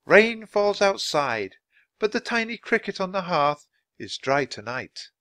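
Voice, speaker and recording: A man's voice: unhurried, dry recording, heavily acted. A man voicing an eager, cheerful young girl in a storybook reading. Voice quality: high, lively.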